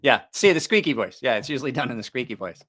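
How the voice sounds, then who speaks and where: A man's voice: mid-range voice, expressive, fast, a bit bright. A man hosting a casual livestream about knives, joking, teasing viewers and laughing often. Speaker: knife channel host.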